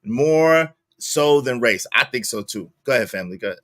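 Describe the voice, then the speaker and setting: A man's voice: medium pitch, a little fast, dry recording, studio quality. A man hosting a live stream, greeting viewers by name, reading chat comments aloud and arguing his points emphatically. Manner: animated, argues points emphatically. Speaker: livestream host.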